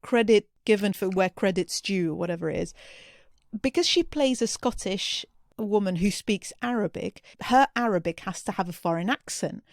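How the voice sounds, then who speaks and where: A woman's voice: medium pitch, expressive, normal speed, dry recording, studio quality. A woman co-hosting a podcast, giving thoughtful opinions on a series in casual chat. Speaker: podcast co-host.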